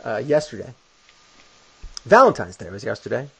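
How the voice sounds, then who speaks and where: A man hosting a casual sports talk show, telling stories in an animated way with many restarts. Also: mid-range voice, normal speed, creaky, slightly rough, low-quality recording. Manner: animated storytelling with lots of restarts. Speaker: podcast host.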